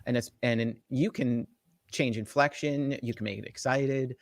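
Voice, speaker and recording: A man's voice: mid-range voice, steady tone, normal speed, creaky, dry recording. A middle-aged man from the Shore, explaining technology as a guest in an enthusiastic, rambling way, with lots of fillers and restarts. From Jersey Shore, US. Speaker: tech evangelist guest. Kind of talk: casual interview explanation.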